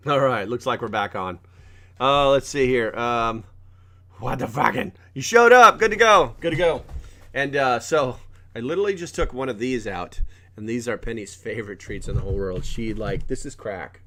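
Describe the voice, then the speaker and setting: A man's voice: medium pitch, normal speed, a bit bright. A man hosting a live stream, chatting casually and rambling, swearing now and then at his desk at home. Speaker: livestream host.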